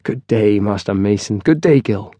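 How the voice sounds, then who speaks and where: A man's voice: lowish voice, lively intonation, warm tone, dry recording. A man voicing a flustered, apologetic middle-aged merchant in an audiobook. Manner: hurried, apologetic.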